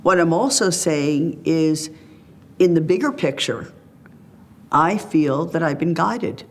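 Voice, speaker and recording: A woman's voice: low-pitched, slow. A woman guest telling reflective personal stories in a free-flowing way, acting out remembered conversations. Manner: free-flowing, tells stories through quoted dialogue.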